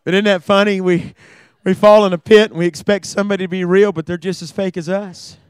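A male campus ministry preacher giving a sermon in a church, telling stories dramatically and building to loud peaks. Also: high voice, little pitch movement, fairly quick, smooth, dry recording, clean studio sound.

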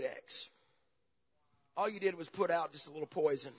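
High, bright-voiced preacher in a hall. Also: male voice, normal speed, husky. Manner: animated preaching, swinging between loud shouts and low asides. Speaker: pastor. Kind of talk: sermon. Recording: dull, long reverb of a large hall.

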